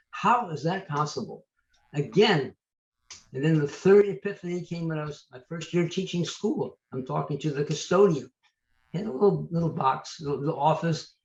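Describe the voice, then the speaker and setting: An older man, an author, telling lively anecdotes as an interview guest, often restarting his sentences. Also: fairly high pitch, echoey room, lo-fi sound. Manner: animated, anecdotal, trails off and restarts. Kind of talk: storytelling interview answers.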